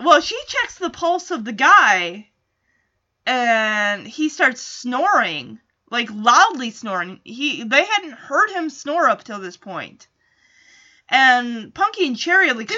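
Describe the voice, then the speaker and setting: A woman hosting a casual recap of a TV episode, excitable and quick to laugh, acting out lines as she goes. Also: on the high side, dull audio. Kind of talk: casual chat.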